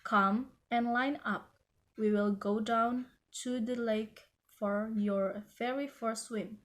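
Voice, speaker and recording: A woman's voice: fairly high pitch, steady tone, slow. A woman voicing a caring but stern mother duck in a children's storybook. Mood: coaxing. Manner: motherly, firm.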